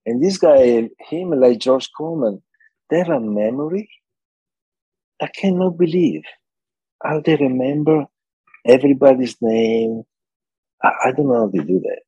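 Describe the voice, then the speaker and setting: Older guest; husky voice, laughing storyteller. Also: male voice, medium pitch, a little slow, long pauses, dry recording, lo-fi sound. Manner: animated storyteller, laughs often, acts out quotes. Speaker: interview guest, saxophone repairman. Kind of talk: casual interview chat.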